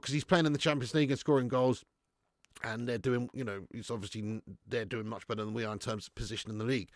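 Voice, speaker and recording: A man hosting a live football fan stream, chatting excitably, swearing freely and laughing as he reacts and thanks viewers for donations. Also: medium pitch, no room sound, clean studio sound. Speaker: football fan channel host.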